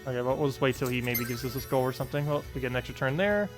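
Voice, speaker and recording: A man streaming a puzzle game, giving casual, quick play-by-play as he thinks aloud. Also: medium pitch, over music. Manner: quick, mumbled play-by-play talking to himself. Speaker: gaming streamer. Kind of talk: casual live-stream commentary.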